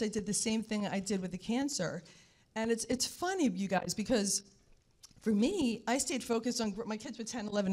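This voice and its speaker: A woman, a guest telling an emotional personal story, animated and repetitive, often speaking straight to the audience. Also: medium pitch. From New York.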